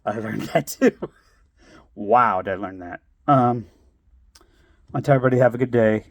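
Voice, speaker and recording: A man with a medium-pitched voice speaks at normal speed in a dry recording. Vlogging in a casual storytelling monologue, he offers blunt, streetwise advice and laughs often as he talks.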